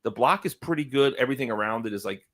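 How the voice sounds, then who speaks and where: A man co-hosting and producing a casual talk show, rambling and stopping often to clear his throat. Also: medium pitch, lively intonation, fast talker, fairly bright tone. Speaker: co-host and producer. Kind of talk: casual chat.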